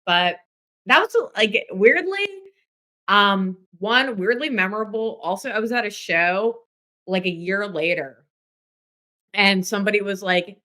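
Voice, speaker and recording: A woman hosting a podcast in casual chat, telling a story with lively acted-out quotes and plenty of swearing. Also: on the low side, moderate pace. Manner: animated storyteller, acts out quotes, swears freely. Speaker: podcast host.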